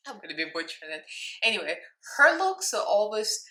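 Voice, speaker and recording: This makeup vlogger, a Russian-accented woman in her thirties, giggles and chats playfully through a casual tutorial. She speaks at normal speed in a sing-song, sharp mid-range voice, with a roomy sound.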